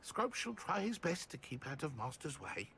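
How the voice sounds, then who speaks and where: A timid house-elf servant from a video game, fawning and stammering. His voice is gravelly and high, swooping wildly up and down. He talks slowly and refers to himself in the third person. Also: sing-song, a crowd in the background. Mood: nervous.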